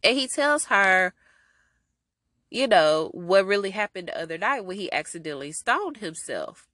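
A woman's voice: medium pitch, normal speed, no echo. Stuffy-nosed chatty woman recapping a show. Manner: animated, chatty, addresses listeners as y'all. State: stuffy nose from a cold. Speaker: podcast host recapping a TV episode. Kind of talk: casual chat.

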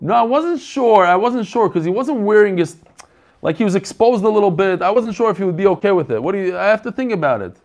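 Here the host of a video-call learning group speaks fast and expressively in a high voice, greeting people by name and joking as he chats casually with the group.

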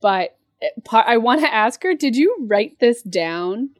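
A woman's voice: fairly high pitch, lively intonation, unhurried, dry recording. A woman co-hosting a podcast speaks on a close, dry microphone. She talks casually and hesitantly, restarting her sentences as she searches for the right words. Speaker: podcast co-host.

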